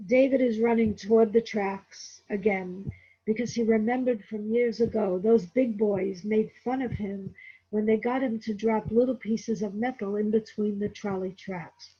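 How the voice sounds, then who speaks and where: A woman's voice: mid-range voice, mellow, breathy edge, dull audio. A woman giving a casual spoken book review, talking to the listener with digressive asides.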